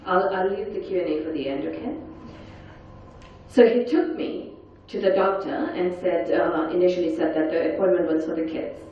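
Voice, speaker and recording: A woman's voice: fairly low pitch, normal speed. A middle-aged woman giving an intense, earnest personal testimony at a forum session. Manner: earnest, intense storytelling with acted-out quotes. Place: large conference hall. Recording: echoey, distant, dull hall recording.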